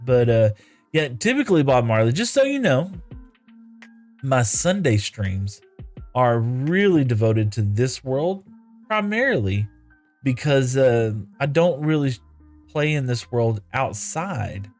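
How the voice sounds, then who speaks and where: Guy streaming a block game, lively up-and-down voice, reads chat out loud, thanks everyone, soft music behind. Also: medium pitch, slow pace. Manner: chatty, reads viewer comments aloud, thanks viewers. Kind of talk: casual live-stream chat while playing.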